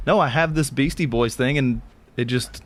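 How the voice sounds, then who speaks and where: A man's voice: medium pitch, normal speed. A man hosting a casual sports podcast, making dry, brief remarks. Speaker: podcast host.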